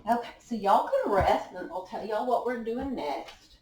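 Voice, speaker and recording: A woman coaches a workout class, her slow, unhurried cues rising and falling in a lively pitch. She sounds a little winded between exercises and encourages the class with small laughs. Her voice comes from some distance away in an echoey room. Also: background noise. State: out of breath at times. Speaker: fitness instructor. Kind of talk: live workout class instruction.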